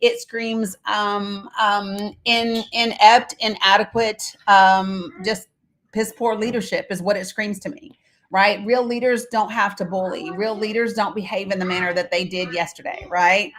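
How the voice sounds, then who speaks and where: A woman's voice: mid-range voice, fairly even intonation, measured pace, fairly bright tone, slight background noise. A woman hosting a casual live stream, talking bluntly with lots of fillers and reading out viewer comments. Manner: chatty, blunt, with frequent fillers; reads viewer comments aloud and talks to her kids mid-stream.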